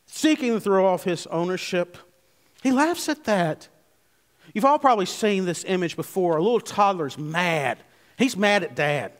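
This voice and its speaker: A male pastor preaches with a high, light voice, leaning hard on key words and then dropping to quiet, low asides. He sounds like he is in a church sanctuary, with long reverb trailing each phrase. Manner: emphatic, swinging from loud stresses to hushed low asides. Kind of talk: sermon.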